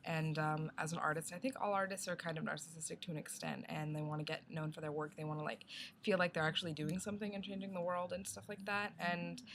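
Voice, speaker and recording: A young woman talks through a casual video response, rambling from one thought to the next and using lots of "like"s. Her voice sits a little low for a woman. A faint hiss runs under the recording. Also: flat delivery, fast. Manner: rambling, heavy use of "like", thinking aloud. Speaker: vlogger.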